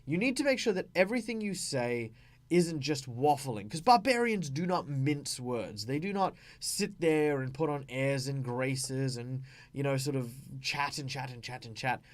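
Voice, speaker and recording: A man's voice: mid-range voice, expressive, moderate pace. A man with an Australian accent, hosting a tabletop gaming channel, explaining in a chatty way with many fillers. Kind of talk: casual explanatory talk.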